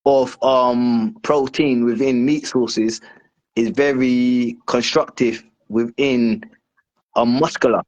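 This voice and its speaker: A man in mid-range pitch talks through his stance as a guest in a casual chat. He rambles, fills pauses with "um" and "like," and restarts his sentences often as he works out what he means. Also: steady tone, a little mellow, highs cut off. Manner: rambling, many fillers and restarts, explaining at length. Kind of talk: casual discussion.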